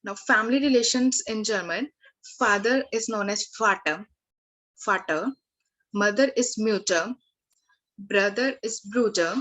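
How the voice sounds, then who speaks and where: A woman language tutor giving a lesson, slowly working through word lists with frequent fillers and restarts. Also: mid-range voice, a bit bright, poor audio.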